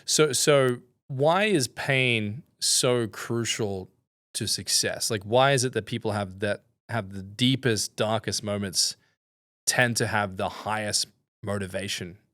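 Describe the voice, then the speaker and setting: A man hosting a podcast interview, a relaxed storyteller who laughs easily. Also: on the low side, takes it slowly, dry recording. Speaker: podcast host.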